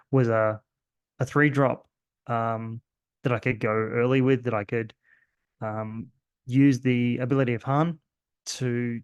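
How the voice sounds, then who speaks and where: Gravelly-voiced Australian man. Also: medium pitch, no room sound, lo-fi sound. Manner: rambling, self-deprecating, many fillers and restarts. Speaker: host. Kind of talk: casual gameplay commentary.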